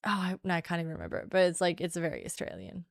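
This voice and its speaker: Young woman, streamer, casual chat, playful, self-mocking, gravelly, dry sound. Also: fairly low pitch, sing-song, very fast, no room sound.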